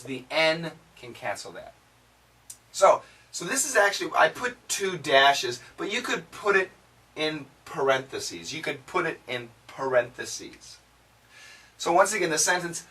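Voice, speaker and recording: An American man teaching English pronunciation, patiently repeating words slowly so learners can drill them. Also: fairly high pitch, expressive, sharp tone, distant mic. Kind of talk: pronunciation lesson.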